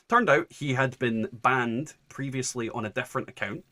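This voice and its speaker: A man's voice: mid-range voice, normal speed, hardly any pauses, bright, forceful tone. A young adult man streaming a game, chatting casually and ranting with lots of swearing and restarts. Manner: ranting, profane, many restarts. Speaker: gaming streamer. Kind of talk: casual chat while gaming.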